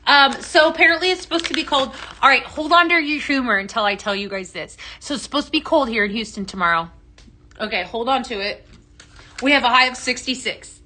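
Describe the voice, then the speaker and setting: A high-pitched, bright, forceful voice comes through her phone with slight background noise as this Texan woman hosts a casual live stream. Talking fairly quickly with a Texan accent, she mixes fragrances, greets viewers by name, and laughs a lot in a bubbly, chatty way.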